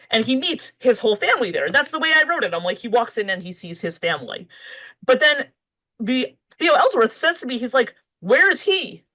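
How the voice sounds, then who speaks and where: Her voice runs on the high side, bright and forceful, though the recording is low quality. She's an author guesting on a podcast, talking loosely in an interview and restarting often amid fillers.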